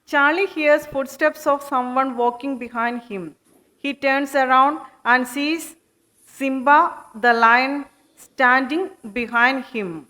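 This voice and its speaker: A woman narrating a children's puppet show in a slow, clear storytelling manner. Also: sits high, sharp tone.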